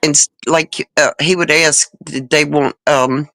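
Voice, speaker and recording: A woman's voice: deep voice, fairly even intonation, unhurried, a bit bright, no echo, rough recording. A woman hosting a casual panel chat, telling rambling stories and chuckling often.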